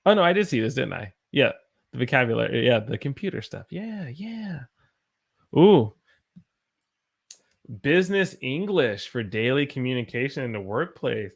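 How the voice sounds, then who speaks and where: A young American man, an English teacher, chatting on a live stream, animated and greeting his viewers by name. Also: mid-range voice, moderate pace, vocal fry. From United States. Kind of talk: casual live-stream chat.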